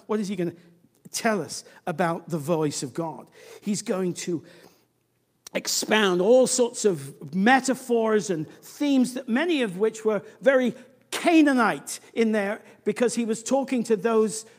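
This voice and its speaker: Preacher giving a sermon, dramatic loud-to-whisper swings, stumbling restarts, long echo of a big hall. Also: lively intonation, unhurried. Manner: dynamic, swinging from booming emphasis to near-whisper; frequent restarts and repeated words.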